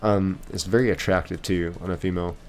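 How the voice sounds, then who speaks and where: A man's voice: deep voice, fairly even intonation, a little fast, a little hiss or hum. A young man hosting a live stream, casually reading viewer comments aloud and rambling with lots of fillers. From United States.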